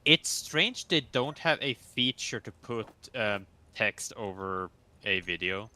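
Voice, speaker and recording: A man chatting hesitantly with a fellow player, leaning on fillers as he goes. His voice is fairly low but strikingly bright and sharp. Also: expressive, slow pace. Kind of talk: casual chat while gaming.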